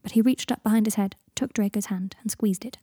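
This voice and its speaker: A woman reading a fan story aloud, softly, often slipping into a whisper. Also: medium pitch, fairly even intonation, a little fast, slightly rough. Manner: soft voice, dropping into whispers for narration tags. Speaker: fan fiction reader. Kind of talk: audiobook narration.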